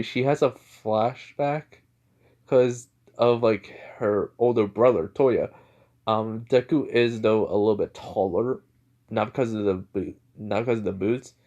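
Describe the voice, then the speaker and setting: A man's voice: medium pitch, warm tone, highs cut off. A young man improvising a fan story, rambling and filling gaps with "basically" and "like".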